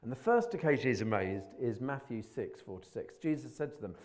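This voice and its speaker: A man's voice: medium pitch, lively intonation, a little fast, few pauses, darkish tone. A man giving an informal sermon in a church, chatty and colloquial, poking fun at himself, with bursts of emphasis. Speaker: preacher.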